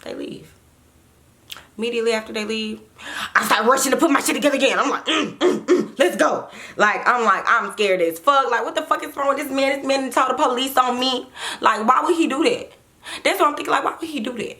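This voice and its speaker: A woman vlogger telling a story straight to her viewers in a casual, animated way, with plenty of swearing. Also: sits high, fast.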